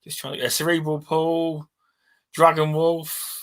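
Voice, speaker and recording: A man's voice: on the high side, little pitch movement, unhurried. A man hosting a gaming podcast, thanking guests and plugging his show in easy chat. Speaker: podcast host.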